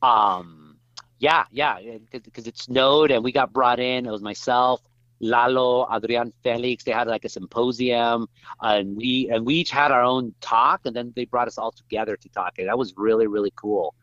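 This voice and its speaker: A man's voice: mid-range voice, moderate pace, dry recording, muffled recording. A man being interviewed as a journalist, chatting casually and telling self-mocking stories while he acts out other people's voices. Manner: animated, self-mocking storyteller acting out quoted voices. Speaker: journalist guest.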